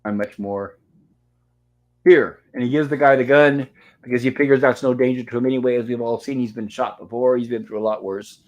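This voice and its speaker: Male host, mid pitch, narrates a movie review scene by scene. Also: flat delivery, fast, muffled recording. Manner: retells scenes step by step, reads lines aloud.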